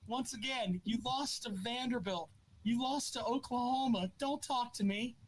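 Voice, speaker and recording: A man's voice: very high voice, moderate pace. Taunting male sports podcast host. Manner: taunting, repeats the same jab over and over; mock-polite, tacks "sir" onto his taunts. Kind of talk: heated sports call-in argument.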